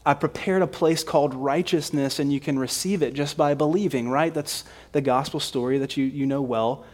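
Conversational male preacher with a slightly high voice. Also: steady tone, normal speed, darkish tone. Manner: conversational, emphatic, frequent repeats; poses rhetorical questions. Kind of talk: sermon.

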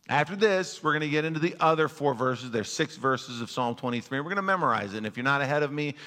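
A man's voice: medium pitch, fairly bright tone. A male pastor preaching a conversational sermon, asking his congregation questions and acting out their worries. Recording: long hall reverb.

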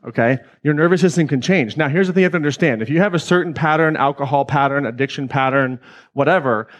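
A man giving a live self-help seminar talk to an audience, energetic and joking, swearing freely. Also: mid-range voice. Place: event hall with audience.

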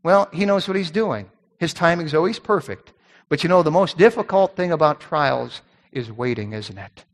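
A pastor delivers an animated sermon in a large hall where a long echo trails his words. His voice sits high and swings widely as he acts out the voices of people in his story, and he repeats words in quick bursts.

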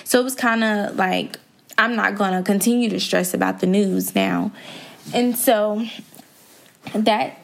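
A woman's voice: medium pitch, steady tone, a little slow, vocal fry, pauses often. A young woman hosting a podcast, candidly telling a personal story in a conversational way and talking straight to her listeners. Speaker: podcast host.

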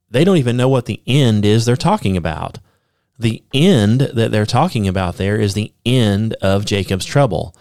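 A man teaching the Bible on a podcast, explaining step by step with many "okay?" checks and reading scripture aloud slowly with emphasis. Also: lowish voice, a little mellow, clear, resonant tone, dry recording, clean studio sound. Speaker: podcast preacher.

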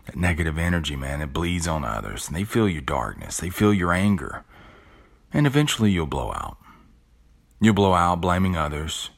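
With a very low, deep voice, a middle-aged podcast host works through a motivational monologue at a moderate pace. His intonation is lively and his tone a bit bright, and he often restarts and repeats words, dropping blunt, earthy asides along the way.

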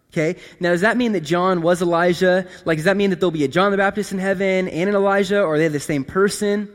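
A man preaching a casual sermon in a conversational, animated way, often checking in with his listeners. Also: fairly high pitch. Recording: long hall reverb.

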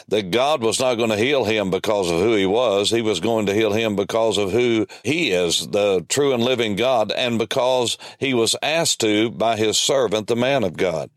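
A man's voice: fairly low pitch, no echo. A male preacher delivering a sermon, telling a story emphatically.

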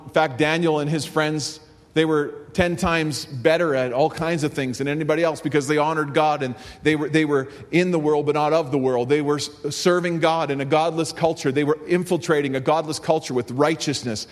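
A man's voice: fairly high pitch, fairly even intonation, brisk. A man pastor delivering a sermon, telling a story and then rising to fervent emphasis. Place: church sanctuary. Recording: long reverb of a large hall.

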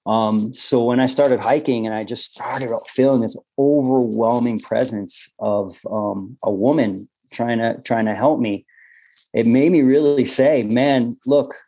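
A man telling his personal story in a candid conversation, earnest and halting with many fillers and restarts. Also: medium pitch, fairly even intonation. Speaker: podcast guest. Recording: phone-like narrow band.

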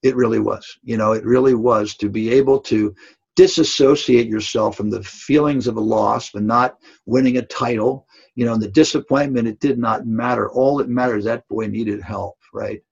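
Older coach guy, raspy voice, keeps saying right?, kinda muffled recording. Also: mid-range voice, fairly even intonation, moderate pace. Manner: earnest, emphatic, tag questions like "right?". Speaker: basketball coach. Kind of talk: storytelling in a podcast interview. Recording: dull lo-fi audio.

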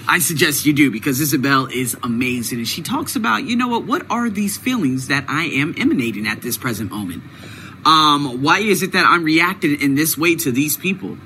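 A man's voice: on the high side, sharp tone, a little hiss or hum, low-quality recording. A man hosting his own video series, talking through a casual vlog monologue, emphatic and repeating words for stress. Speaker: video host.

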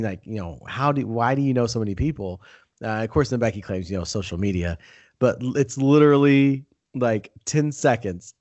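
A man in his thirties hosting a casual podcast, upbeat and full of "uh" fillers and shout-outs. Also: on the low side. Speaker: podcast host.

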